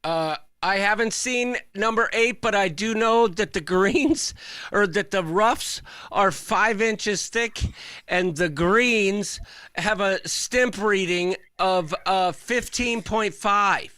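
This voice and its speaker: A high-pitched man with a bright, smooth, clear voice rants with mock outrage while co-hosting a casual live chat. The sound is dry and close, with little room around it. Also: slow pace, no echo. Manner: animated, ranting, mock-outraged. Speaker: co-host.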